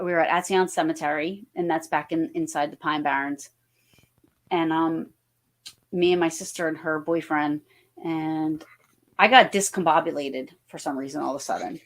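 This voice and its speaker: This guest on a podcast is a paranormal investigator from New Jersey who tells stories in a loose, rambling way, restarting often and leaning on fillers. Her low voice stays fairly even in intonation and moves a little slowly.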